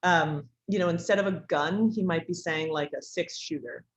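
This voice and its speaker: A woman's voice: lowish voice, moderate pace. A woman teaching an online class in a casual way, with many ums and likes. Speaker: instructor. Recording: dull lo-fi recording.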